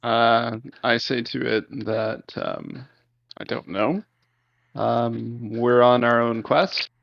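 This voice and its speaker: A man playing a tabletop game, talking hesitantly with lots of pauses. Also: mid-range voice, steady tone, gravelly, no room sound, muffled recording. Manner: hesitant, full of ums. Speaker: player. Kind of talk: in-character tabletop play.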